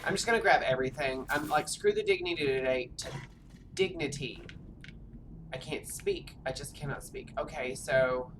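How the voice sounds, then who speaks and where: A woman with a low, deep voice talks casually while she streams a game at home. She rambles and chats on, often filling gaps with "like", and faint noise hangs under her voice. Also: moderate pace. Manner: chatty, rambling, full of "like" fillers. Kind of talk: casual chat while gaming.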